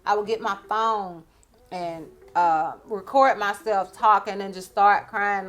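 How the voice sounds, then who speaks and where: A woman's voice: medium pitch, moderate pace, a bit bright. A woman, a beauty vlogger telling a storytime, chatty, laughing often and acting out what others said. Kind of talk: storytime vlog.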